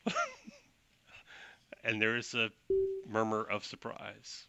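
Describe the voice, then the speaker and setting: A man narrating as game master, playful and quick to laugh. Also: lowish voice, wildly swooping pitch, vocal fry, noisy background.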